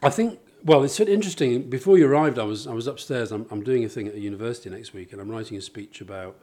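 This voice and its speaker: Husky, mellow man explaining ideas. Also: medium pitch, racing. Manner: thoughtful, explains with examples, many restarts. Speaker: author and interviewee. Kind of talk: conversational interview.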